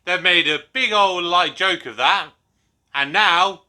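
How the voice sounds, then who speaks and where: A man's voice: high-pitched, takes it slowly, sharp tone. A man hosting a reaction video, chatting casually and commenting on the clips he watches. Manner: chatty and apologetic, laughs along.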